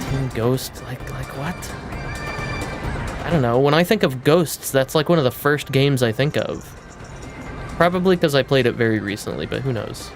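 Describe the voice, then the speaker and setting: Excitable young man streaming a game. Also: medium pitch. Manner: excitable, swears freely; baby-talk to his cat. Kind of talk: casual live-stream commentary.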